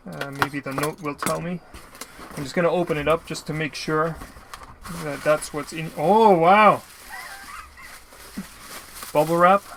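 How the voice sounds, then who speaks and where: A man's voice: a little high, a bit bright, a little hiss or hum. A man casually narrating an unboxing of mail he received, rambling and apologizing often. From Canada. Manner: rambling, apologetic, lots of filler. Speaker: YouTuber opening mail.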